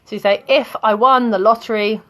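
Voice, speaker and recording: A woman's voice: fairly high pitch, steady tone, fairly quick, a bit bright. Woman, English teacher, friendly, chatty, asks questions. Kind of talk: live online grammar lesson.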